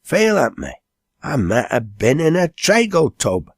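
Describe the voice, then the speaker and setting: A man voicing a jittery young village farmhand with a broad Lancashire accent, rambling excitedly. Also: a little high, a little slow, dry recording, clean studio sound, voice pushed up, exaggerated voice. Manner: rambling, excitable dialect tale.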